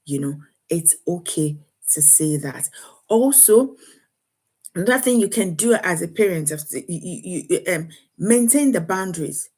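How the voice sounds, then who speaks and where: A woman from Africa giving parenting advice to camera. She talks in a lively way, repeats words, and acts out what parents and children say. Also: lowish voice, breathy edge. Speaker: parenting coach.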